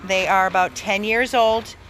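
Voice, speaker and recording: A woman's voice: medium pitch, fairly even intonation, unhurried, fairly bright tone, a little hiss or hum, rough recording. A woman who runs an animal rescue, pleading for donations, emphatic and repeating words for stress. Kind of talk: pleading fundraising appeal.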